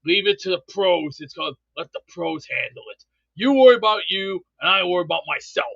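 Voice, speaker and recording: Blustering high-voiced man on a dull line. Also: lively intonation, a little fast, a bit bright, dry recording. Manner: grumpy, blustering, repeats himself. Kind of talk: ranting call-in banter.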